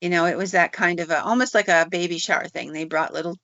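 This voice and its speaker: A woman hosting a podcast who tells folk tales in a folksy, conversational way. Her voice is low and gravelly. The recording sounds dry and a bit dull. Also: fast talker, fairly bright tone, dry recording. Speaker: podcast host. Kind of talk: folklore storytelling. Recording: dull lo-fi audio.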